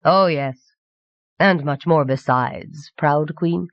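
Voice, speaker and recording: A woman's voice: sits low, slow, no echo, lo-fi sound. A woman voicing a scheming twisted male sorcerer who gloats in a silky manner. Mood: gloating.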